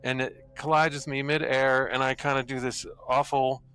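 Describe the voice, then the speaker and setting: Bright, smooth man telling a game story. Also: mid-range voice. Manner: lively storytelling, quick bursts. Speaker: player. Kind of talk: narrating a character's action in a tabletop game.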